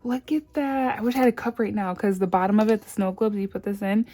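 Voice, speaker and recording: A woman chatting casually in her vlog, bubbly and excitable, gasping and squealing over packages. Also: medium pitch, fast talker. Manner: murmured counting of cash. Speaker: budgeting vlogger.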